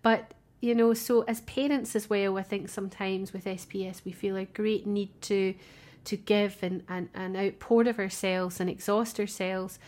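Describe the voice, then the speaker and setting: Chatty and warm, this podcast co-host keeps the conversation casual, laughing a lot and restarting sentences many times. She speaks at a normal speed in a steady, mid-range voice, recorded over a remote call.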